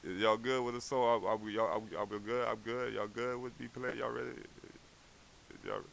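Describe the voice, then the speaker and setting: Slangy, bright-voiced young man. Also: mid-range voice, steady tone, normal speed, gravelly. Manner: slangy, repeats phrases, nervous laughing. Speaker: rapper guest. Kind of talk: casual chat between freestyle raps. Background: faint beat playing.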